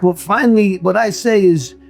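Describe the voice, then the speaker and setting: A man's voice: sits high, normal speed, creaky, faint music behind. A man in casual conversation, speaking earnestly and reassuringly.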